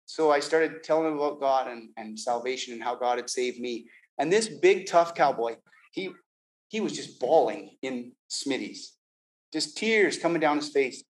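A man with a mid-range voice tells a personal faith story. He talks in an animated way, often restarting and repeating words. He slips into the voices of the people he quotes. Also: medium pitch, moderate pace, rough recording. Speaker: Christian giving a personal testimony. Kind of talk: storytelling testimony.

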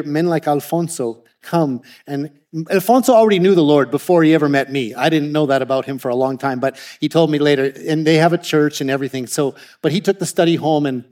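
A man from Canada giving a testimony talk with slides, telling stories with lots of restarts. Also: fairly high pitch. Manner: animated storytelling with frequent restarts. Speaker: ministry speaker presenting slides.

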